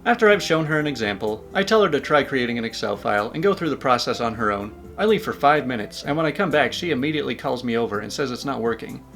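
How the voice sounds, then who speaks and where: Guy reading posts out loud, dry and casual, faint music under him. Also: medium pitch, animated, fast, few pauses. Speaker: YouTube story reader. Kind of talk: reading online posts with commentary.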